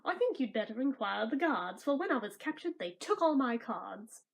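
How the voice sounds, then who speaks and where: A woman's voice: a little high, sing-song, moderate pace, vocal fry, voice pushed down. A woman voicing a small, dreamy storybook man who speaks in sing-song rhymes. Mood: earnest. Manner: sing-song rhyming recitation.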